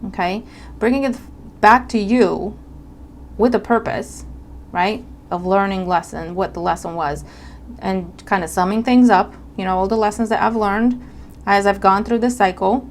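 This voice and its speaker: Woman doing a relaxed tarot reading to camera, conversational, medium pitch, faint noise underneath. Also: normal speed. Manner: conversational, checks in with listeners often. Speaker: tarot reader.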